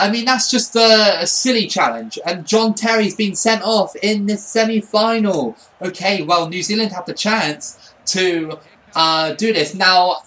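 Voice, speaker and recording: A man giving excitable play-by-play commentary over his own football video game, swinging between quiet asides and shouts. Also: high voice. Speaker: gaming channel host.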